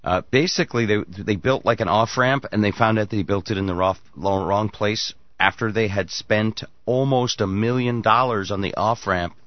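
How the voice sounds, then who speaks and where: A man's voice: lowish voice, normal speed, few pauses, dry recording, muffled recording. A man hosting a morning radio talk show, joking with his co-hosts and reading news items aloud. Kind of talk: casual morning show banter.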